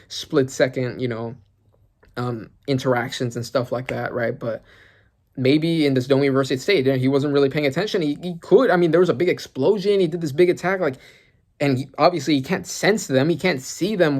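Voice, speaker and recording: A man giving casual reaction commentary as a channel host, excitable and rambling as he thinks aloud. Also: a little high.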